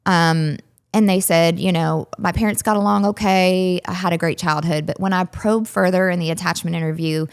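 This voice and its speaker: A woman with a Southern US accent, a relationship coach and psychologist, explaining things clearly and patiently as an interview guest. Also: fairly low pitch, steady tone, moderate pace.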